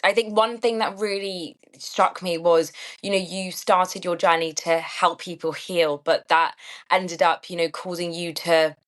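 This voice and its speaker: A woman's voice: fairly low pitch, fairly bright tone. A woman hosting a podcast interview, listening closely and reflecting back on her guest's story. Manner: attentive, brief affirmations and reflective questions. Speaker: podcast host.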